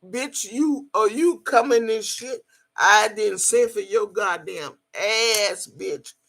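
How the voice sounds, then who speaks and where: A woman's voice: medium pitch, slow, creaky, fairly bright tone. A woman hosting a livestream, talking brashly and profanely, boasting and laughing often as she greets her chat. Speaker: livestream host.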